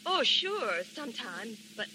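A woman's voice: on the high side, big pitch swings, unhurried, sharp tone, slight background noise, heavily acted. A shy young shop girl. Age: young adult. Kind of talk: 1930s radio acting.

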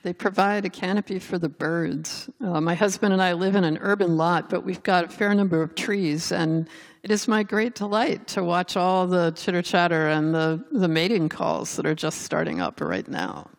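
Measured, low-voiced woman interviewer. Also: steady tone, vocal fry. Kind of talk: public interview. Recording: long hall reverb.

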